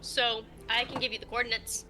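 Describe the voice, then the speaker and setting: A woman's voice: on the high side, level tone, fairly quick, noisy background. A woman in casual, playful chat while playing a game together. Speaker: game co-player.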